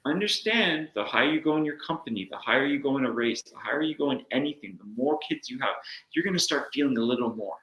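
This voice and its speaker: An earnest man chatting as a guest on a talk show, reflective and open. His voice sits at an ordinary pitch, and the room around him sounds noticeably echoey. He now and then acts out little inner voices as he talks. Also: expressive, fast, a bit bright. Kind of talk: casual chat.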